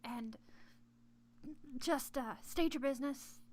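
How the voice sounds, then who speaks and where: A woman voicing a male human city guard who is halting, apologetic and blunt. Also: sits high, darkish tone.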